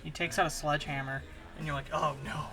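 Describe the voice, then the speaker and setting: A man's voice: on the high side, steady tone, fast talker, music in the background. A man telling a rambling, improvised absurd story, stumbling through fillers and restarts. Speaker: comedy channel host.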